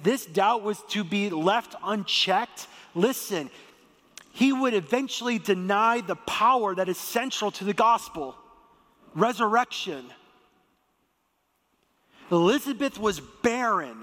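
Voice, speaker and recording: A man with a high voice delivers a sermon in a lively, joking storytelling manner. His voice rings with the long reverb of a church hall. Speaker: pastor.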